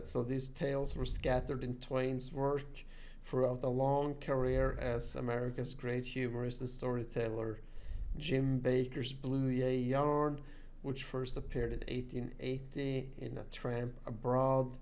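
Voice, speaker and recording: A man's voice: medium pitch, level tone, a little slow, creaky, darkish tone. A man hosting a podcast in casual chat, laid back and heavy on fillers, at times reading from notes. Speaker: podcast host.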